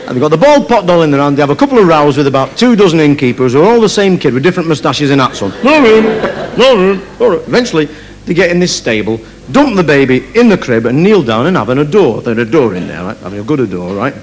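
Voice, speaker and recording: A man's voice: fairly high pitch, sing-song, quick pace, crowd noise. A man doing live stand-up storytelling on stage, chatty, with many asides of "right?". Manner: chatty, keeps adding "right?". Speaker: stand-up comedian. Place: opera house stage. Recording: live concert recording with audience.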